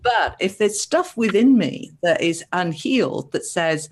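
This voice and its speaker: Woman therapist talking on a live stream, lively, keeps asking questions and acting out voices. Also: fairly low pitch, unhurried, few pauses. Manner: animated, acts out quoted voices, asks many questions. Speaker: therapist guest. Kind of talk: explaining spiritual ideas on a live show.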